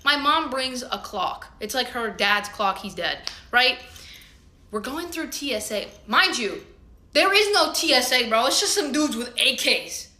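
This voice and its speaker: A young woman vlogger with a high, very animated voice, pushed and bright, tells a personal story to camera at a measured pace. Her talk is loose and slangy with lots of swearing, and she acts out what others said, all with a roomy echo.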